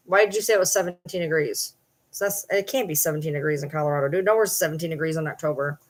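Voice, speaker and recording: A woman's voice: medium pitch, fairly bright tone. A woman chatting casually on a late-night livestream from home, blunt, rambling and swearing freely.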